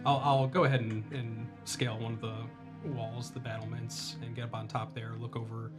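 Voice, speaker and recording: A man's voice: mid-range voice, flat delivery, brisk. A man playing a tabletop game, describing his character's actions as he thinks aloud. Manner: hesitant, thinking aloud with fillers. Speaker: player. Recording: clear music behind.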